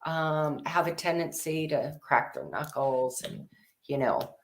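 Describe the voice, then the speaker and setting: Low-voiced, chatty woman co-host. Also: big pitch swings, slow pace, slight background noise. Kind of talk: casual advice chat.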